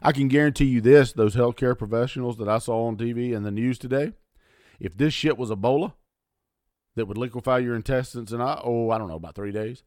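A man ranting angrily on his podcast, swearing often and lurching from low mutters to loud outbursts. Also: a little fast, no echo, clean studio sound. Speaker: podcast host. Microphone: audio only, close mic.

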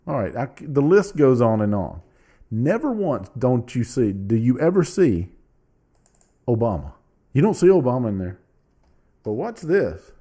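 A male podcast host speaks bluntly and casually, straight to the viewer. His voice is low and mellow, and his pitch moves around a lot as he talks. He reads items off a screen one after another. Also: sing-song, unhurried, pauses often, husky. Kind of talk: casual opinion commentary.

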